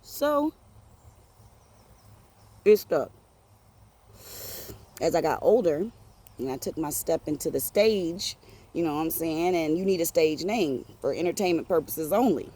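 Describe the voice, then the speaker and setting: A woman telling a personal story on her podcast in an animated, profane, streetwise way. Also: low-pitched, a little slow, long pauses, slightly rough. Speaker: podcast host.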